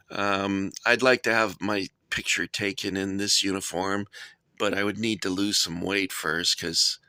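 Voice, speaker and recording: A man's voice: lowish voice, vocal fry, bright, forceful tone, no echo, clean studio sound. A middle-aged man hosting a casual vlog, rambling and self-deprecating as he shows off his toy soldier collection. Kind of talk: casual show-and-tell vlog.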